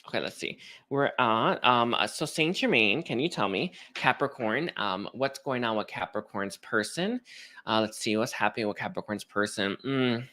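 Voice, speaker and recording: Guy doing a live card reading, rambly and chatty, bright tense voice. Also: medium pitch, moderate pace. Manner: rambling, chatty, many fillers and restarts. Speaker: spiritual card reader.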